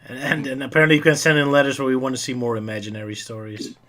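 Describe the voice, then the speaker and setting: A man's voice: mid-range voice, little pitch movement, very fast, a bit bright. A man hosting a casual podcast chat, laughing readily and handing turns to his co-hosts. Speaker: podcast host.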